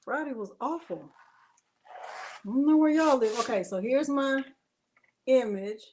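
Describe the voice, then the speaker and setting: A high-pitched woman runs a live crafting demo from home. She keeps up a chatty, friendly patter, laughing often and addressing her viewers directly. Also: unhurried, a little mellow, slight background noise. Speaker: craft livestream host.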